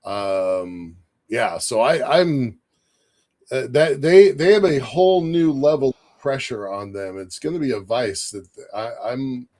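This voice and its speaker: A man's voice: mid-range voice, darkish tone. Easygoing enthusiastic podcast man. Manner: enthusiastic, easygoing, quick agreeing replies. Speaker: podcast co-host. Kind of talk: casual chat.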